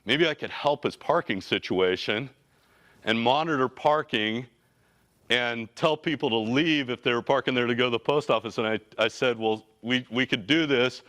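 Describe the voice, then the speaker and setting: A man in his forties, a company CEO, giving a motivational talk with energetic, casual and slangy storytelling. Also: mid-range voice, moderate pace. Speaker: company CEO, guest speaker.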